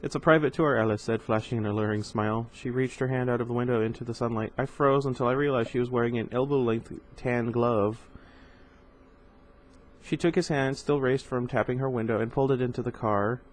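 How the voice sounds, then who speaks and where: A man's voice: mid-range voice, steady tone, a little fast, poor audio. A man reading a novel aloud in an informal way, with casual asides and stumbles over hard words. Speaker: reader.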